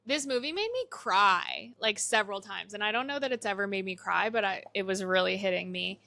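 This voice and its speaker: A young woman with a bright, forceful voice cohosts a casual movie podcast. She retells scenes with lively energy and drops into quoted lines from the film. The sound is dry and close, with little room around it. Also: mid-range voice, a little fast, gravelly, no room sound. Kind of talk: casual chat.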